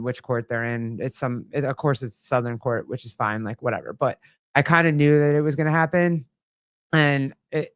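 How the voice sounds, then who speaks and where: A man chatting on a podcast, talking earnestly with many pauses and fillers. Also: medium pitch, clear, resonant tone, no echo, studio quality. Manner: hesitant, filler-heavy, earnest. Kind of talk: casual chat.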